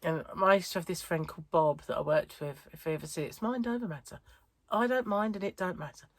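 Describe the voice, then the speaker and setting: Speaking fast in a lowish voice with no room sound, a middle-aged woman from the UK chats casually for her crochet vlog. She's wheezy-chested and sounds tired, rambling and breaking into her own sentences.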